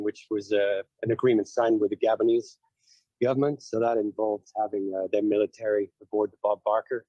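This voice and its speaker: A man on a panel giving a measured, detailed account of his time as a crew member. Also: fairly low pitch, warm tone, no echo, highs cut off. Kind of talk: casual panel chat.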